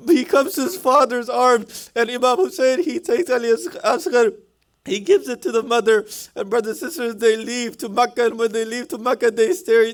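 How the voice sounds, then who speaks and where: A man's voice: very high voice, smooth. A man giving a storytelling sermon, retelling events in the present tense and putting rhetorical questions to his listeners. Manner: poses rhetorical questions to the audience. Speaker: speaker at a religious center.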